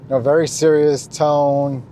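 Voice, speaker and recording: A man's voice: on the high side, flat delivery, unhurried, dark tone, a little hiss or hum. A young man earnestly telling a personal faith testimony in casual speech, with frequent ums and you-knows. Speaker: Christian testimony vlogger.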